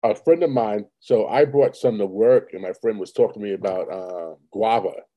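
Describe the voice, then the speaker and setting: A man's voice: on the low side, normal speed, dull audio. A man co-hosting a podcast, talking in a laid-back, rambling way with casual swearing. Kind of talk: casual chat.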